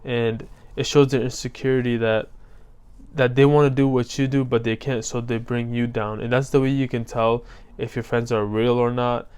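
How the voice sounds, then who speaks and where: A man's voice: medium pitch, flat delivery, normal speed, darkish tone, smooth. A young man giving a casual motivational vlog talk as a self-improvement coach, loose and slangy, with lots of fillers.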